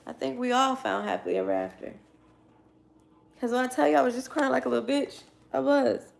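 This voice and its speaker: A woman's voice: sits high, big pitch swings, fairly quick, creaky. A young woman telling a casual story to her viewers, loose and slangy, with frequent swearing and laughter. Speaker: tarot reader.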